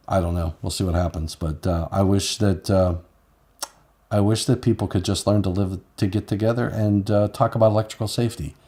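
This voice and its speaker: Mellow low-voiced man chatting on a live stream. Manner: rambling, laughs at his own stories. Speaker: host. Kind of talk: casual live-stream chat.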